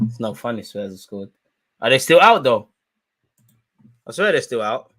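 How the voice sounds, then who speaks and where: A man's voice: mid-range voice, normal speed, long pauses, no echo. London man with slangy banter. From London, England. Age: 20s. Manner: animated storytelling in London slang. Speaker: football watchalong host. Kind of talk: live match commentary and banter.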